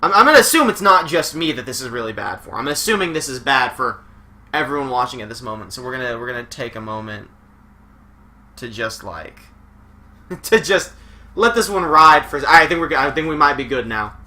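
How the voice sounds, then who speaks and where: A man's voice: mid-range voice, animated, a little fast, bright, forceful tone. A young man live-streaming a wrestling video game, rambling and joking through mock play-by-play commentary from home. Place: home room while streaming.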